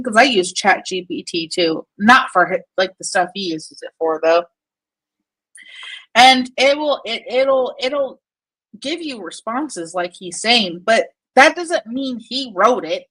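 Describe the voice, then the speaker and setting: A woman hosts casual commentary over a shared screen. Her voice sits a little high and swings widely in pitch. She mocks, laughs often and swears freely. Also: fairly bright tone, low-quality recording. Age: adult with a young daughter. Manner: mocking, laughs a lot, swears. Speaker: commentary channel host.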